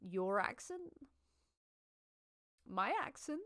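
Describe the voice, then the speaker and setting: A woman's voice: mid-range voice, big pitch swings, extremely slow, a bit bright, smooth. A woman hosting a casual livestream, chatty and giggly as she thanks viewers and reads comments. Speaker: livestream host.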